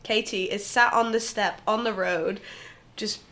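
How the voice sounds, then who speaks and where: A young woman tells a story as a podcast guest. She talks casually, laughing as she goes, in a voice of middling pitch. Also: measured pace. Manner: lively anecdote with frequent laughs. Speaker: guest, professional golfer.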